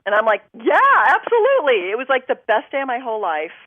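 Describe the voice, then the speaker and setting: A woman's voice: fairly high pitch, rapid-fire, dry recording. Woman telling a story over a phone line. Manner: lively storyteller who acts out her own thoughts and others' remarks. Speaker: guest. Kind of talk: telling a personal story on a talk show.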